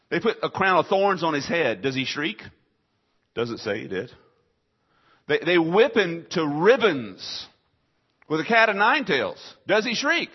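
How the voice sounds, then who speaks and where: A man preaching a sermon, asking rhetorical questions and answering them himself, moving between hushed low stretches and loud, high, emphatic lines. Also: slightly rough. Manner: dramatic swings between soft low passages and loud high rising questions; rhetorical call-and-response questions to the congregation. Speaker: pastor. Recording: dull lo-fi sermon recording.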